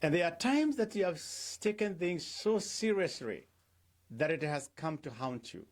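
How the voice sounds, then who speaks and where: A man's voice: a little high, lively intonation, normal speed. A middle-aged man speaking as a pastor in a devotional talk. He asks his listeners rhetorical questions and acts out the things people say.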